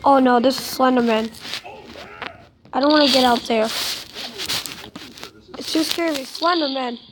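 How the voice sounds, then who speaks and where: High-voiced excitable woman narrating a game. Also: unhurried, noisy background. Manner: excitable, chatty, reacts aloud to the game. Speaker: gamer. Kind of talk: casual gameplay commentary. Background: loud game music.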